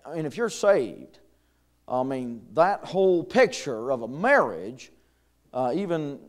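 A man's voice: mid-range voice, big pitch swings, slow pace. A middle-aged man, preaching a conversational sermon in a church, with chuckles and fillers. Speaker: pastor. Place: church sanctuary.

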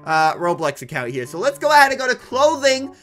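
A young man in his twenties, a gaming YouTuber giving excited, jokey commentary with bursts of mock outrage. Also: extremely high pitch, brisk.

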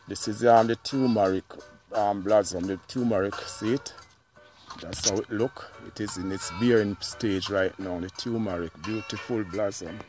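Jamaican man, lowish voice, casual vlogger quizzing his audience outdoors, faint music underneath. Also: fairly even intonation, moderate pace, a little mellow. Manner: quizzing viewers, acting out vendor calls. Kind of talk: casual teaching vlog.

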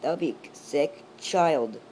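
Low-pitched woman vlogger, playful and self-mocking, casual. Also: moderate pace, darkish tone, slight background noise. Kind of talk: casual chat.

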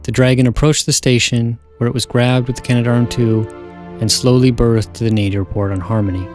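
A man giving a scripted narration in an even, factual delivery. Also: medium pitch, fairly quick, over music.

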